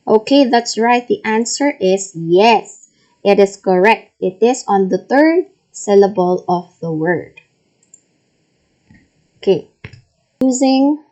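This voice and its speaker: A woman teaches a recorded reading lesson, patiently reading word lists aloud and checking answers. She goes slowly, repeating and modeling every word. Her mid-range voice has a dark tone, and the recording is rough.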